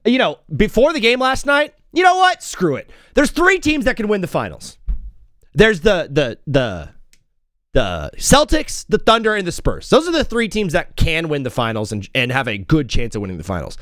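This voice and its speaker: A young man hosting a casual sports talk show, joking and shifting quickly between loud outbursts and mumbled asides. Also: a little high, huge pitch swings, no echo, clean studio sound. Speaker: host.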